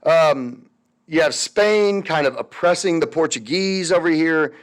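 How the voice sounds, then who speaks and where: A man's voice: a little high, unhurried. Casual man lecturing on history. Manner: casual, chatty, many fillers and asides. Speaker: history teacher. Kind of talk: recorded lecture over slides.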